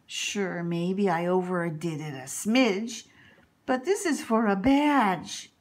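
A woman reading aloud and voicing an eager, excitable young girl pig scout who talks in a loud, gushing way. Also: medium pitch, takes it slowly. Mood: scheming.

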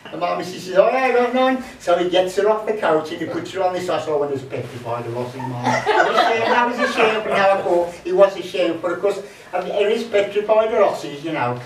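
A man's voice: high voice, lively intonation, brisk, hardly any pauses, background noise. A man at a folk club telling rambling comic anecdotes, chatty and jokey with lots of fillers. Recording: echoey room, mic from far off.

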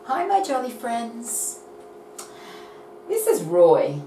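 Woman doing a kids' phonics lesson, slow and bouncy, kinda far off in an echoey room. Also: fairly high pitch, soft background music. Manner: animated, coaxing children to join in. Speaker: phonics teacher. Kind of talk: storytelling lesson for young children. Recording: roomy echo from a distance.

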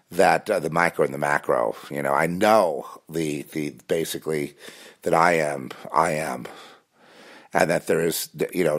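A man talking intensely in a rambling spiritual monologue, full of restarts and fillers. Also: very deep voice.

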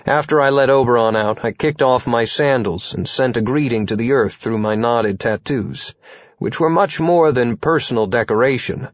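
A male narrator tells a first-person audiobook with a wry, conversational touch. His pitch is middling, and the booth sound is completely dry. The audio is a little dull. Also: normal speed, no room sound.

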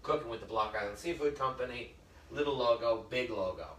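A middle-aged man hosts a casual cooking demonstration in a kitchen, chatting with viewers, telling stories, and tossing in jokey asides as he works. His mid-range voice is fairly bright and a little fast, recorded from a distance in an echoey room with faint ambience.

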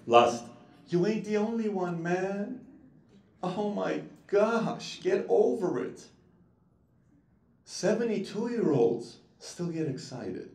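A man in his thirties, hosting a casual, joking talk to a small group about self-control. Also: on the high side. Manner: animated, joking, puts on voices. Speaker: entrepreneur host. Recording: echoey room, mic far off.

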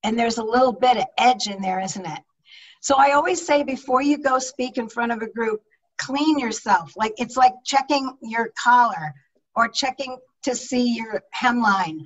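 A middle-aged woman, a public speaking coach, teaching an online leadership talk with energetic, emphatic delivery over a video call microphone. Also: a little high, normal speed, far from the mic, poor audio.

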